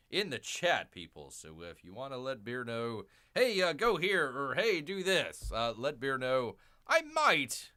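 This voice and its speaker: A man hosting a gaming show, rambling in casual let's-play commentary and calling himself Bear in the third person. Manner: lively, animated delivery with big pitch swings. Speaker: gaming channel host.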